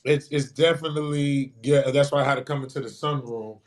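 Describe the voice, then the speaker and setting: A man co-hosting a podcast from his sunroom, talking loosely and animatedly and shouting out his chat. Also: mid-range voice, fairly even intonation, brisk. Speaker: podcast co-host. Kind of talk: casual chat. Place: sunroom at home.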